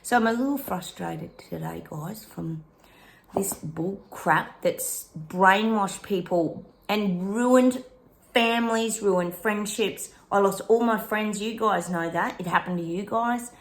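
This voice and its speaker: A woman's voice: mid-range voice, takes it slowly. A middle-aged woman with an Australian accent, a psychic vlogger venting in a casual rant straight to her viewers. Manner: frustrated, venting, talks straight to her audience.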